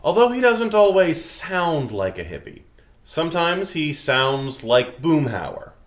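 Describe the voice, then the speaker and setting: A man's voice: a little high, big pitch swings, slow. A man guesting on a comedy review show, recapping a film's plot in a wry, joking way. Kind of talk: comedic movie recap narration.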